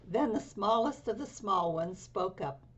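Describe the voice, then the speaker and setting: A woman reads a picture book aloud to children, expressive and unhurried. Her voice is soft and breathy at a slow pace. The recording sounds dull and lo-fi. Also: medium pitch. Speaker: storybook reader.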